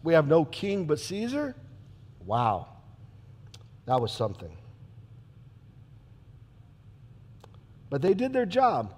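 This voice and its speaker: A man playing a troubled, proud Roman governor in a dramatic church monologue, emphatic and swinging between loud declarations and hushed asides. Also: mid-range voice, huge pitch swings, measured pace, slightly rough, long reverb tail, heavily acted. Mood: grim. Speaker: character monologue performer.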